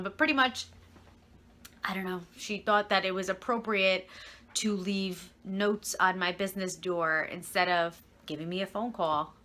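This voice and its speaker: Young woman vlogger, bright tone, chatty and rambling, phone-recorded. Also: medium pitch. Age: young adult. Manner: rambling, chatty, fed-up asides. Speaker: vlogger and reseller. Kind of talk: casual storytelling vlog.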